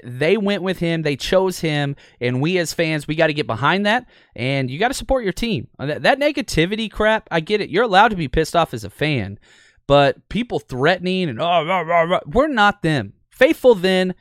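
Opinionated male sports host, slightly high voice, talks through game film with a laugh, dry booth sound. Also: no room sound. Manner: animated and opinionated, laughs often. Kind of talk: casual football film breakdown.

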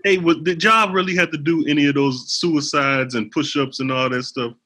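Man asking casual questions, husky voice. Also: a little high, steady tone, normal speed, bright, forceful tone. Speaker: host. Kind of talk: casual interview.

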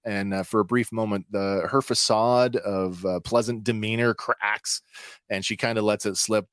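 A man's voice: lowish voice, steady tone, moderate pace, a bit bright, no echo, studio quality. A man hosting a podcast, recapping an episode in a chatty way with many filler words. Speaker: podcast host.

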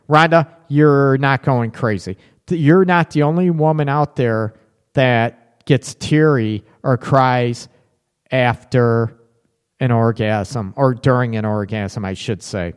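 Male live-stream host, candid and chatty, average pitch, reverberant sound. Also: takes it slowly, clean tone. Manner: candid, frank, chatty with frequent restarts. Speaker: relationship talk show host. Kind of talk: live-stream chat reading viewer comments.

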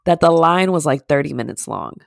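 A woman co-hosts a casual podcast, her voice gravelly with vocal fry. She rambles through animated stories and laughs often. The sound is dry and close. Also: sits low, a little fast, dry recording. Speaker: podcast co-host. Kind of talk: casual chat.

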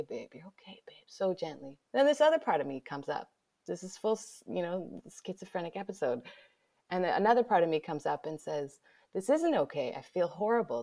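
Woman in her thirties, low voice, gravelly fry, animated storytelling, slips into whispers. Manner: animated, drops to whispers for inner thoughts. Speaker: guest author. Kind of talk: personal storytelling in conversation.

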